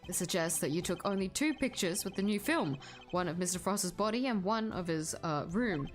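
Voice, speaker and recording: A woman with an Australian accent voicing a composed male prosecutor who questions in a formal, measured way. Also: lowish voice, lively intonation, faint music behind, lightly acted. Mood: stern.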